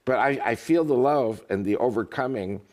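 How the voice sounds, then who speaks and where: A man talking as an interview guest, an author and politician, telling jokes in an animated way. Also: medium pitch, moderate pace. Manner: animated, joking storyteller. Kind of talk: casual interview talk.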